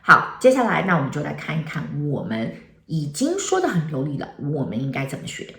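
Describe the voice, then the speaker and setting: A woman teaches an online language lesson. Her low voice has a gravelly edge. She walks through each point patiently in an echoey room. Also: wildly swooping pitch, brisk, pushed and bright. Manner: switches between English and Mandarin, explaining tones step by step. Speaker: Mandarin teacher.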